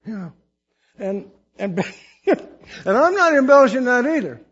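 A man's voice: very high-pitched, big pitch swings, a little slow, fairly bright tone, slightly rough, muffled recording. A man preaching a sermon, telling his own testimony in an earnest, emotional way with chuckles between lines.

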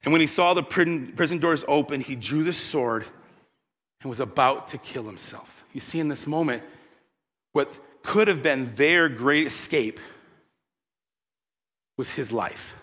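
Male preacher, bright, slightly high voice, lively storytelling sermon, long hall echo. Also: unhurried, long pauses. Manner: animated storytelling, building to loud peaks.

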